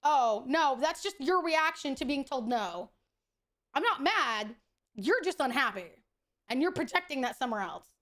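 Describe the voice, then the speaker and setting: High-voiced, blunt woman streamer. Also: big pitch swings, normal speed, fairly bright tone. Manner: blunt, profane and opinionated. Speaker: VTuber streamer. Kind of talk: casual chat while gaming.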